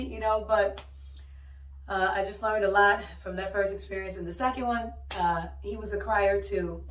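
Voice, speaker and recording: A middle-aged woman, a mother and vlogger, telling stories in casual, chatty talk with lively exclamations. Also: medium pitch, moderate pace. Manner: chatty storytelling, exclaims "oh my God". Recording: roomy, mic a bit distant.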